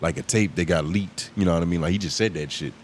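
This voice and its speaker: A man with a fairly low voice trading loose podcast banter. He teases, cuts in and swears freely in easy slang. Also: quick pace, a little hiss or hum. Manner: teasing, interrupting, profane slang. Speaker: podcast co-host.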